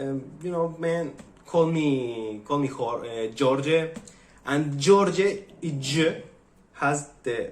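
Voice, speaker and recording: A man's voice: mid-range voice, reverberant. A Spanish-speaking man from Mexico with a Mexican accent, chatting casually on his vlog and acting out funny little exchanges. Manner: animated, acts out funny quoted exchanges. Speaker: vlogger. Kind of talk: casual chat.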